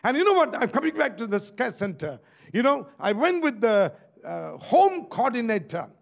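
Pastor preaching a sermon, Malaysian accent, high voice with big swings, keeps asking the crowd for amen. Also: male voice, big pitch swings, normal speed, creaky. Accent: Malaysian English. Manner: preachy, calls out for amen and asks the crowd questions.

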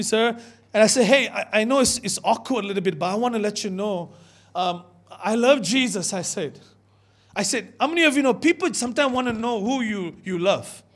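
A man with a notably high voice preaches to his church. He tells a personal story with emphasis, repeating words and calling out to the congregation. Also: fairly bright tone. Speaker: pastor. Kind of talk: sermon with storytelling.

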